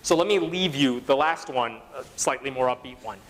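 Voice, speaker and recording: A man's voice: medium pitch, moderate pace, fairly bright tone, big-room sound. A man giving a conference talk to an audience, conversational, with fillers and quoted asides. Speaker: conference speaker. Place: conference hall.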